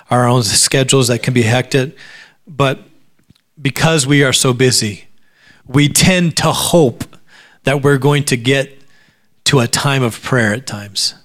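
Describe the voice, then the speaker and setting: A pastor with a mid-range, slightly bright voice preaches a sermon at a church service. He talks conversationally, often repeats words when starting a sentence, and drops in dry, sarcastic asides.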